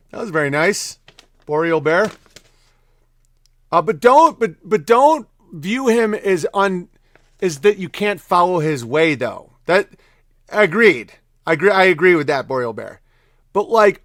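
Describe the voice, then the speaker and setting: High-voiced man rambling on a livestream. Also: fairly bright tone, no room sound, studio quality. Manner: loose, rambling, laughs often, shifts between quick and drawn-out phrasing. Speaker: podcast host reading viewer messages. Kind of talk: casual livestream chat.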